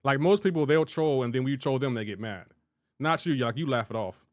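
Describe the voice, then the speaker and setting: A man from Delaware, USA, streams a game and chats casually, rambling and restarting sentences as he responds to chat. His medium-pitched voice is a little fast, captured in a dry, clean studio recording.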